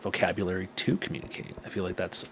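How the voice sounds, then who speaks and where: A man's voice: deep voice, flat delivery, fast talker, a bit bright, a little hiss or hum. A man co-hosting a podcast as a therapist, talking loosely and chattily with lots of fillers. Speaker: co-host, therapist. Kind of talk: casual podcast chat.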